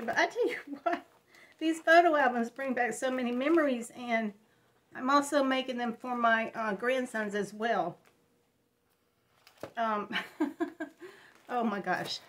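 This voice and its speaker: A woman in her fifties talking through tears in a personal home vlog, halting and restarting often. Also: a little high. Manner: halting, tearful, many restarts. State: crying. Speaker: vlogger.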